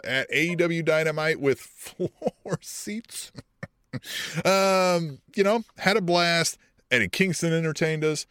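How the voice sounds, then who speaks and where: A man's voice: on the high side, a bit bright, smooth, dry recording, studio quality. A man co-hosting a casual wrestling podcast, laid-back and swearing freely. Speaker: podcast co-host.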